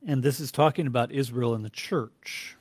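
A male Bible teacher gives a deliberate classroom lecture at a mid pitch. He reads scripture aloud and pauses to put questions to his students. His voice is close and dry, with almost no room sound. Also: breathy edge, no echo.

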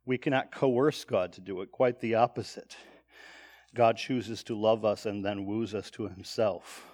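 A man's voice: lowish voice, steady tone, measured pace, darkish tone. A man preaching, teaching a text verse by verse and reading each verse aloud with lifted emphasis before explaining it.

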